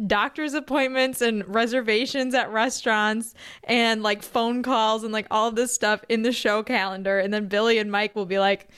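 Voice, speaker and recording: A woman's voice: a little high, steady tone, moderate pace, a bit bright, clear, resonant tone. A woman with a Chicago accent, chatting on a podcast over a call and telling a story against herself. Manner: chatty, self-mocking storyteller. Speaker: podcast co-host. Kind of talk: casual chat. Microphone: remote call.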